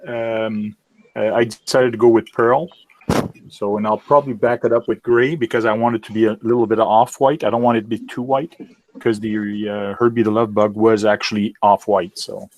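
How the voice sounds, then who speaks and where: A man chatting casually in an online group hangout, relaxed and hesitant with fillers. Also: fairly low pitch, moderate pace. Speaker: hangout participant.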